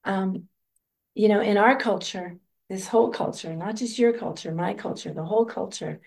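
An older woman, a meditation teacher, giving a gentle and reflective dharma talk as she answers a student's question, often laughing softly. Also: mid-range voice, moderate pace, gravelly.

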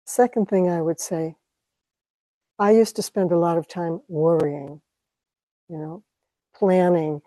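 A woman teaching meditation to an audience, speaking calmly and reflectively with light laughs. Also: lowish voice, slow, long pauses, no echo, poor audio. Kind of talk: dharma talk to an audience.

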